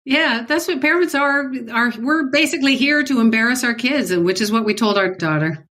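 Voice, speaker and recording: A woman co-hosting a talk show, asking questions in a lively, amused way. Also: a little high, fairly quick. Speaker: co-host. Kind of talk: casual interview chat.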